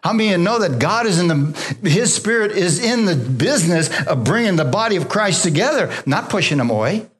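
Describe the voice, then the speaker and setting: A pastor preaching a sermon, drawing amens from the congregation and dropping to a soft, low voice when he quotes God. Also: sing-song, fairly quick, few pauses. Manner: call-and-response preaching, asking the congregation for amens; drops low and soft for God's voice, rises for emphasis.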